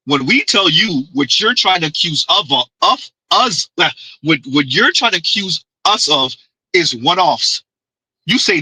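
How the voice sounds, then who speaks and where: Male stream host, high-pitched, emphatic and repetitive, dry close sound. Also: lively intonation, normal speed, pushed and bright, husky, no room sound, low-quality recording. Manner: emphatic, repetitive, refers to himself in third person. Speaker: livestream host. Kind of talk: commentary livestream.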